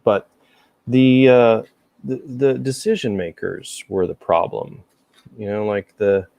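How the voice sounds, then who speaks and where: A man's voice: lowish voice, takes it slowly, gravelly, warm tone. A man hosting a casual chat show, rambling and self-deprecating, with a faint Southern American accent. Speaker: podcast host.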